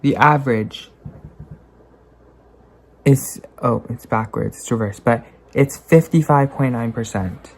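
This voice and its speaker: A young man from Canada, a student talking casually to the camera in a rambling, self-deprecating way that turns easily excited. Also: mid-range voice, slow pace, gravelly, long pauses. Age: young adult. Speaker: student vlogger. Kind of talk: casual vlog talk to camera.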